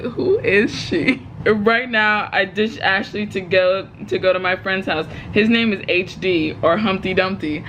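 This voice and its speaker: A woman's voice: mid-range voice, a bit bright, a little hiss or hum, poor audio. A woman reading her own story aloud, breaking off with giggles and joking asides. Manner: giggly, breaks off to laugh and comment.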